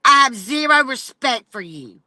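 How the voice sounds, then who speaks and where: A woman's voice: sits high, big pitch swings, unhurried, pushed and bright, no room sound. A woman livestreaming an angry, profane rant straight at a rival. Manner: profane and confrontational, addressing a rival directly.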